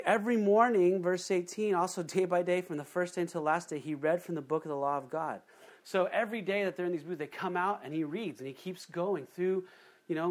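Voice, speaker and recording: Lively conversational male pastor. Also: fairly high pitch. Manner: casual and animated, voicing imagined speakers. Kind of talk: conversational Bible study sermon.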